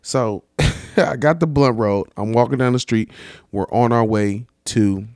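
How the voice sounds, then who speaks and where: A young man from California casually telling a story, animated and laughing, heavy on slang and swearing. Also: medium pitch, a little slow, no echo, clean studio sound. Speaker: vlogger.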